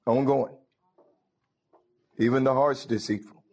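A man's voice: lowish voice, unhurried, long pauses, darkish tone, slightly rough. A man preaching a sermon, quoting scripture and breaking in with exclamations of praise.

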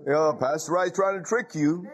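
A middle-aged male pastor preaching an emphatic sermon, calling out "Hallelujah" and questions to the congregation. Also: moderate pace. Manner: emphatic preaching, frequent "Hallelujah" and "Huh?" asides, wide swings in pitch.

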